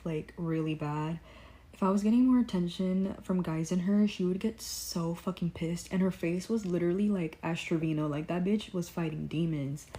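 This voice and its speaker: A young woman telling a story in a casual vlog, blunt and profane, acting out quotes as she goes. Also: on the low side. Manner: blunt, profane, animated retelling with quoted asides. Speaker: vlogger.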